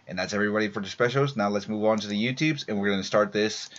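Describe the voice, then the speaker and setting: A tired man hosting a live stream, reading out casual shout-outs with lots of fillers and restarts. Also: fairly low pitch, fast talker. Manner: rambling, many fillers and restarts. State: tired after a long workday. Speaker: live-stream show host. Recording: dull lo-fi home stream audio.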